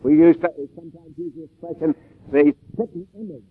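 A man giving an expository sermon in a measured, deliberate way, with emphatic stresses and pauses. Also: on the high side, animated, slightly rough. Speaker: preacher. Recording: tinny phone-like old tape recording.

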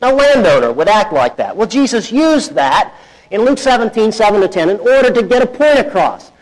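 A man preaching a sermon in a conversational, folksy way, acting out quoted voices with big swings in loudness. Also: moderate pace, rough recording. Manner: animated, acts out quoted voices with big swings in pitch and volume. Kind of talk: expository sermon.

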